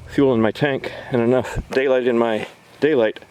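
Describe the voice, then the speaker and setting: Man, folksy outdoor chat, mid-pitched voice, faint background noise. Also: steady tone, normal speed, a little mellow. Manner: chatty, folksy, talks to viewers while working. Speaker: video host. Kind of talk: casual outdoor commentary. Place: outdoors at a log-milling site.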